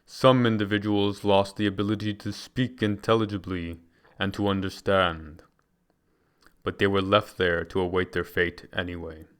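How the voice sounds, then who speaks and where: A man reads from a book in a measured, deliberate manner. His voice sits on the low side and rings smooth and full. Now and then he stumbles and starts a phrase again. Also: fairly even intonation. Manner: measured, deliberate reading with occasional restarts. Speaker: reader. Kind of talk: reading a book aloud.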